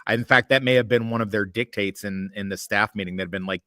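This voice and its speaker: A man's voice: lowish voice, fairly even intonation, fast talker, pushed and bright, no room sound. A man hosting a casual podcast chat, rambling and cursing freely while he gives blunt opinions. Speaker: podcast host. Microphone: remote call mic.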